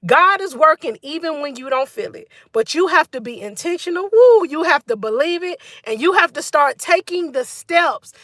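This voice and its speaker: Woman preacher, high voice, dry close sound, fervent live-stream sermon. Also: lively intonation, moderate pace, hardly any pauses, fairly bright tone, dry recording. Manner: fervent, repetitive preaching with frequent "mm" and "y'all".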